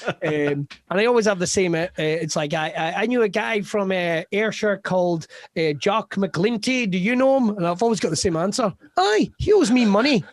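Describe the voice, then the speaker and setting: A middle-aged Scottish man, a comedian guest on a podcast, tells animated stories, laughs often and slips into quick character voices. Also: high-pitched, dry recording. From West Scotland. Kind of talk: casual podcast chat.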